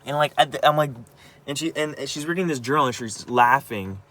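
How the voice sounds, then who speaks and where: A young male vlogger rants about his family in a medium-pitched, brisk, slightly bright voice. He's upset and agitated, tripping over his words with constant restarts and repeats, and he swears a lot. It's a personal venting monologue.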